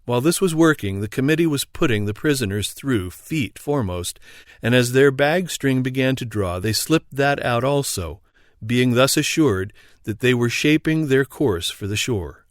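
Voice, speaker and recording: A man narrating an audiobook in a steady, even storytelling read. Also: medium pitch, moderate pace, no room sound, clean studio sound. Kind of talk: scripted narration.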